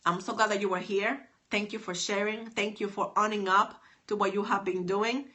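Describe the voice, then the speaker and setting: Bright upbeat woman streaming live. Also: medium pitch, fairly even intonation, moderate pace. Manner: upbeat, repeats herself, addresses viewers by name. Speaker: stylist and author hosting a livestream. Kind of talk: live-stream chat with viewers. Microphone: phone.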